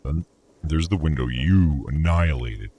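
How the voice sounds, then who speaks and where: A man's voice: rumbling low, unhurried, warm tone, highs cut off, slight background noise. A man voicing an exasperated middle-aged male hotel manager in a video game, reading the dialogue aloud. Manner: exasperated, counting out a bill.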